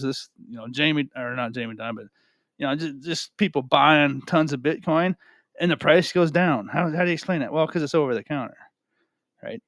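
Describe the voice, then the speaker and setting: A man's voice: mid-range voice, fairly bright tone, dry recording, studio quality. A man giving casual, rambling talk to camera from home, often asking "right?" and repeating himself. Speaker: crypto video host. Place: home room with a cat.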